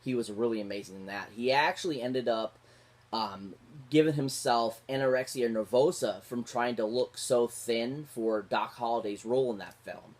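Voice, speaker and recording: A man's voice: medium pitch, moderate pace. A man giving a casual, rambling film review, gushing about the actors with constant fillers and restarts. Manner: gushing, repeats favourite words. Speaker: movie reviewer.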